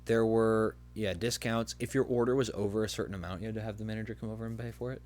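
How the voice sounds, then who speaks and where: Young man, low voice, casual podcast chat, rambling, filler-heavy storytelling. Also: fairly even intonation, fast, a little mellow. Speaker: podcast host.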